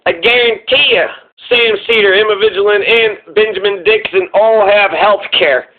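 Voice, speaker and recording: A man's voice: sits high, moderate pace. A man giving casual reaction commentary as host, heated, sarcastic and profane. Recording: tinny lo-fi phone-like sound.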